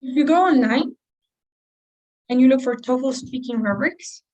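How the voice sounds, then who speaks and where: A woman's voice: high voice, a little slow, darkish tone, distant mic, poor audio. A woman teacher giving a class lecture to her students, explaining step by step with many rhetorical questions.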